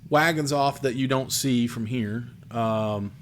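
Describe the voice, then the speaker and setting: A man running a tabletop game, narrating the scene in a mid-range voice with many pauses and fillers. A faint hiss sits under the recording. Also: mid-range voice. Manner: descriptive, hesitant with many ums. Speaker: game master.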